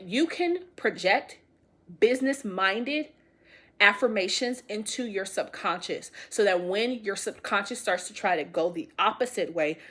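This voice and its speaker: A woman reads tarot for her viewers in a mid-pitched voice. She talks casually and emphatically, circling back to repeat her points. She speaks straight to the audience with affectionate, encouraging warmth. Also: slightly rough. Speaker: tarot reader. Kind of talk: intuitive tarot reading to camera.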